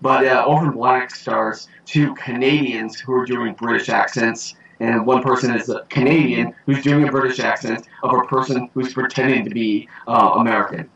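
A man's voice: medium pitch, fairly even intonation, normal speed, vocal fry, hardly any pauses, a bit bright, breathy edge, muffled recording. A man hosting a casual podcast chat, rambling with many fillers and restarts. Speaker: podcast host.

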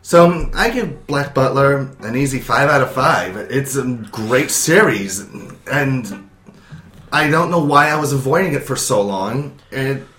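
A man co-hosting a casual podcast, giving a rambling, relaxed review of an anime. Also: medium pitch, unhurried, reverberant. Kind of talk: casual chat.

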